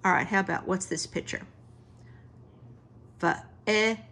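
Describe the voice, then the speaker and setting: A woman's voice: medium pitch, animated, gravelly, a bit bright, slightly rough. A woman teaching a phonics lesson to children, sounding out words one sound at a time. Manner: slow, sound-by-sound phonics drilling.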